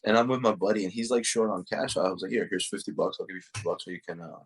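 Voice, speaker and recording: Young male podcast guest, low raspy voice, loose rambling storyteller full of fillers. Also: racing, rough recording. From Uruguay and the United States. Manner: fills speech with "like" and "you know". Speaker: podcast guest, soccer player. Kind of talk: casual storytelling interview.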